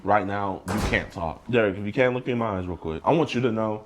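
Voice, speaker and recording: Calm, coaxing man from the United States. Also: on the low side, fast talker, noisy background. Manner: calm, coaxing, repeats reassurances. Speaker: predator-catching vlogger. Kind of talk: confronting someone on camera.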